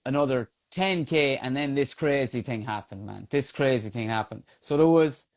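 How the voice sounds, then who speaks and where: Speaking at a moderate pace with a medium pitch, this Irish man recounts a race on a podcast. He's a trail runner, and his telling is lively and relaxed, packed with filler words and curses.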